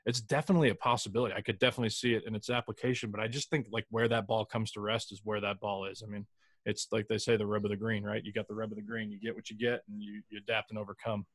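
A man's voice: lowish voice, flat delivery, very fast, dry recording, studio quality. A man talking casually on a golf podcast, rambling loosely with restarts and the odd curse. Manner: rambling, loose, with frequent restarts and mild swearing. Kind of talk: casual chat.

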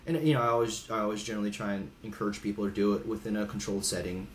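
A man in his thirties from Hawaii, a veteran of podcast guest spots, speaks very fast in a lowish voice with a steady tone. He tells candid conversational stories casually and frankly, sometimes swearing and acting out quoted voices. A little hiss or hum runs through the echoey recording.

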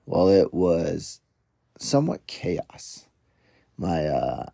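A man's voice: sits low, gravelly, dark tone, slightly rough, no echo, clean studio sound. A man in his thirties, a parenting coach, telling a rambling, self-deprecating story in a casual podcast, with many fillers and restarts.

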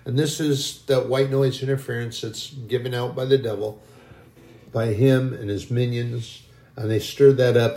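A man's voice: medium pitch, creaky, dark tone. A man preaching a sermon in an impassioned, repetitive way, leading a spoken prayer.

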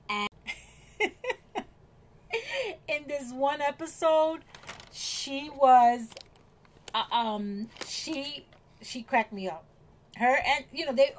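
A woman hosting her own podcast, retelling a story in a casual, rambling way with many fillers and restarts. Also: on the high side. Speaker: podcast host. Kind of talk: casual chat, retelling stories.

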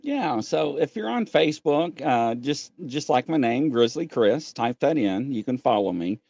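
Male guest, gravelly, animated delivery, dry recording. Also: mid-range voice, measured pace, no echo. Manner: excitable, repeats himself, shouts when retelling stories. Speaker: paranormal investigator guest. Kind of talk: casual chat.

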